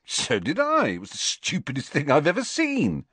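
A man's voice: huge pitch swings, moderate pace, a bit bright, slightly rough, dry recording, exaggerated voice. A man voicing a blunt, somewhat awkward teenage boy, close to his own voice. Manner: blunt, low-key.

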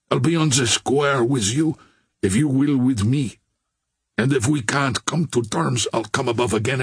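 A man voicing a bold second mate who speaks low, steady and persuasive. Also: gravelly, husky, no room sound, studio quality, full character voice. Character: calm, bold second mate, male adult.

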